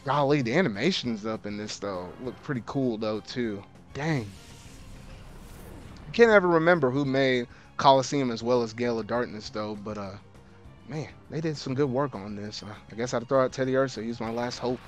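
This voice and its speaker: A man hosting a let's play of a video game, grumbling in casual slang and breaking into loud, exasperated outbursts as the battle turns against him. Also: medium pitch, normal speed, faint music behind. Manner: casual slang, repeats himself. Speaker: gaming video host.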